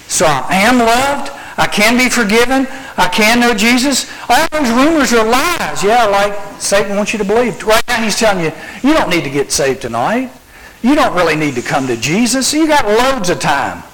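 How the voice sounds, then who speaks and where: Here a youth preacher's high, sing-song voice moves at a moderate pace with a fairly bright tone. He tells stories dramatically, acting them out and asking rhetorical questions, though the recording is rough.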